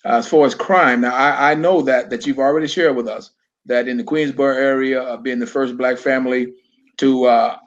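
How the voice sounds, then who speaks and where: A man hosting a talk show, asking polite interview questions in a halting way with many restarts. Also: medium pitch, fairly even intonation, a bit bright. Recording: dull lo-fi live-stream audio.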